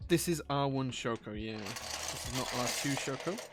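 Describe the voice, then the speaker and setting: A man's voice: medium pitch, expressive, moderate pace, music in the background. A man streaming live, chatting casually while he builds a keyboard, thinking aloud and answering chat.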